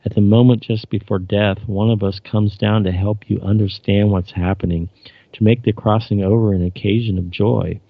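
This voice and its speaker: A man reading as a patient, menacing male alien, low gravelly voice, quiet flat delivery, dry muffled recording. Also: moderate pace, no room sound. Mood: coaxing.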